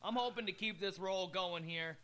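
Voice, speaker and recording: A young man with a high, bright voice talks sports on a casual co-hosted show. He rambles, stumbles over repeated words and laughs easily between points. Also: normal speed, clear, resonant tone. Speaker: radio show co-host.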